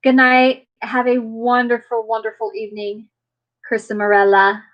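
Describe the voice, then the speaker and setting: A woman with a slightly high voice and a completely flat delivery talks at normal speed over dull audio. Hosting a casual live chat, she rambles warmly to her viewers in a friendly, chatty way, full of fillers.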